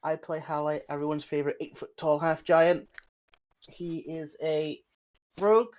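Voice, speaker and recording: A man's voice: a little high, little pitch movement, a little slow, rough recording. A man playing in a tabletop game, introducing his character in a jokey, enthusiastic way. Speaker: player. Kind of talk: casual chat at a game table.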